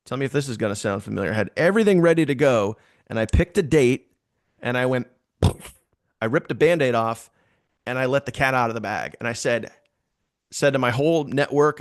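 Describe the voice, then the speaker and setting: Animated man telling a story, dry sound. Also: mid-range voice, dry recording. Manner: animated, repeats phrases for emphasis. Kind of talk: casual storytelling to a team.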